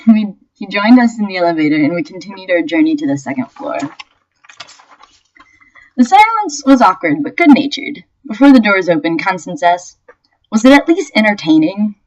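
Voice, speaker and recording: A young woman reading aloud a story she wrote, telling it in a lively way with bursts of laughter. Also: on the low side, normal speed. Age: young adult. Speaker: vlogger. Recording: dull lo-fi webcam audio.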